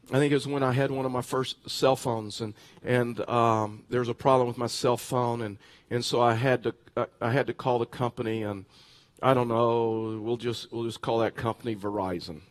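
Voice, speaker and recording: A man pastor preaching a sermon, telling a story with animated, repeated phrases and restarts. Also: mid-range voice, moderate pace. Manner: animated storytelling with bursts of laughter.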